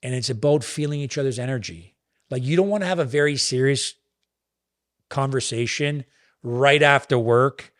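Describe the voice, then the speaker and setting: A man's voice: medium pitch, moderate pace. A middle-aged man talking in an earnest, coaching way, sometimes acting out both sides of a conversation. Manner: earnest, coaching tone, acts out dialogue. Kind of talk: podcast conversation on relationships.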